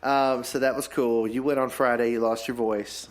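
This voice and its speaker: A man co-hosting a casual podcast, teasing his co-host and telling stories with animated jokes. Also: mid-range voice, moderate pace. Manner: joking, teasing, animated storyteller. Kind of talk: casual chat.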